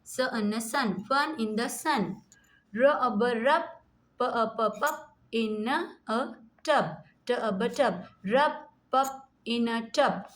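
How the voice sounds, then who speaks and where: A woman's voice: on the high side, slow. A woman with an Indian English accent teaching a phonics lesson, sounding out letters and repeating each word. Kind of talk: slow classroom phonics lesson.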